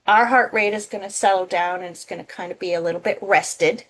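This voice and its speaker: A woman's voice: medium pitch, fairly quick. A woman teaching as a nursing instructor in a casual recorded lecture, often checking in with "okay?".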